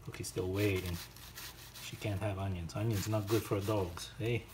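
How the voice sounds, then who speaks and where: A man's voice: lowish voice, fairly even intonation, moderate pace. A man hosting a home cooking video, chatting casually to himself and his dog as he works. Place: home kitchen. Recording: loud kitchen noise throughout. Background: chopping, clinking dishes and cutlery.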